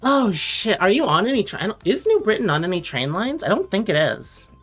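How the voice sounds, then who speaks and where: A young woman from Connecticut, USA, chats casually on a late-night drawing livestream, rambling and reading viewers' messages aloud to answer them. Her mid-range voice is sing-song and a bit bright at normal speed, with faint music behind.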